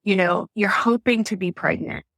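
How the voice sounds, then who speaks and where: A woman's voice: mid-range voice, steady tone, moderate pace, fairly bright tone, dry recording. A woman who works as a nurse, telling her story as a podcast guest in a chatty way with many fillers. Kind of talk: casual storytelling interview.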